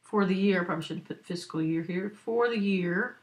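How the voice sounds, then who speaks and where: A woman teaching an accounting lesson over a screen recording, walking students through a worked exercise patiently and checking in often. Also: mid-range voice. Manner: patient, talks slowly for note-takers; checks in with frequent "right?" and "okay?". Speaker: accounting instructor. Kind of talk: screen-recorded lecture walkthrough.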